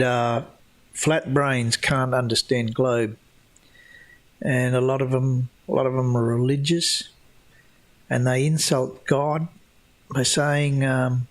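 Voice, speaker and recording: A man hosting a casual livestream Q&A, answering chat questions in a rambling way with many restarts and a scornful tone toward flat-earth believers. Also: medium pitch.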